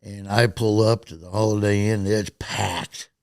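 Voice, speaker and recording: A man's voice: on the low side, a little slow, creaky, dry recording, clean studio sound. A middle-aged man, a stand-up comedian telling stories casually in an interview and acting out quotes in raised voices. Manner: animated storyteller, acts out quotes in raised voices.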